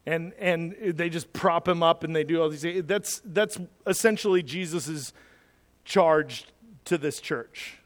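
A man with a highish voice, speaking a little slowly, preaches a sermon as a pastor in a church with long hall reverb. He starts off conversational and builds to urgent exhortation.

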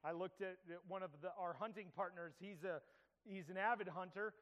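A man preaching a sermon, telling a story in a conversational way with stumbling restarts, then dropping to hushed tones to pray. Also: high-pitched, steady tone, brisk, in a large hall, rough recording. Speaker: pastor. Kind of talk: sermon with anecdote and prayer.

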